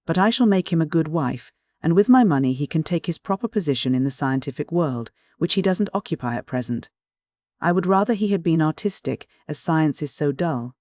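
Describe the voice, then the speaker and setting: A reader speaking as a plump, shrewd elderly widow from a classic mystery audiobook. She gushes fond endearments while talking plain business. The recording is dry and close, with a mid-pitched voice. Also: expressive, a little mellow, no echo, lightly acted. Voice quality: gushing endearments, brisk and matter-of-fact. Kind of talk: audiobook dialogue reading.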